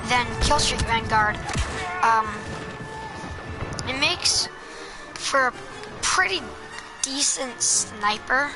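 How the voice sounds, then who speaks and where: A woman giving casual gameplay tips over a headset, hesitant and full of ums and restarts. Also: on the high side. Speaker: gameplay commentator. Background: game music and sound effects.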